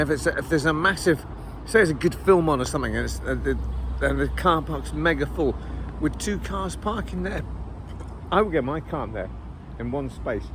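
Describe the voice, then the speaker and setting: A man's voice: on the high side, noisy background. Chatty Scottish man in his fifties. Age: 50s. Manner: rambling, digressive, keeps calling viewers "folks". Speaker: vlogger. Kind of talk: casual chat to camera.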